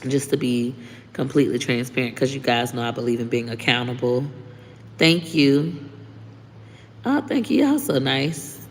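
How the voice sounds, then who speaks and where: A woman talks straight to her live-stream viewers, blunt and unfiltered, swearing freely between thank-yous to commenters. Her voice has a gravelly fry, and it rings with a long reverb against a faint background hum. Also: extremely low pitch, animated, normal speed, long pauses. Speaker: livestreaming content creator. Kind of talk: casual live-stream chat reading comments.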